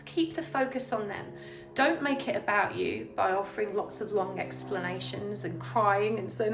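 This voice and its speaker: A woman's voice: medium pitch, normal speed, creaky, fairly bright tone, a little hiss or hum. Reassuring woman tarot reader, echoey room. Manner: earnest, reassuring advice, speaks straight to the listener. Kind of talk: pick-a-card tarot reading, direct address to viewer.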